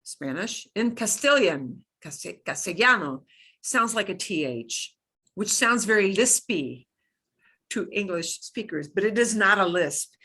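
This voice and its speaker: A middle-aged woman leads a beginner Spanish class, sounding out each word with slow, deliberate care. Her voice is bright and forward, and she takes her time. She repeats words patiently so learners can follow. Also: medium pitch, lively intonation. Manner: slow, clear modeling of pronunciation. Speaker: Spanish teacher. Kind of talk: beginner language lesson.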